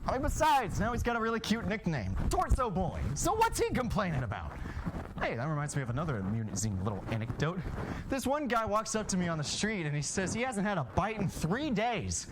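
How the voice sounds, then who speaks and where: A man delivering an absurd comic monologue, lurching between frantic shouts and a low deadpan storytelling tone. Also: background noise. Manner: manic, shouting, swings from loud outbursts to low deadpan. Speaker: student performer.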